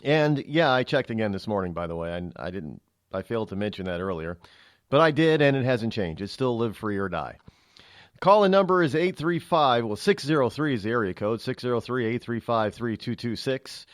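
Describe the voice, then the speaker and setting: A man's voice: medium pitch, lively intonation, fairly quick, no echo. A man hosting a talk radio show from a studio, rambling through a monologue with many restarts and fillers. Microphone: studio mic.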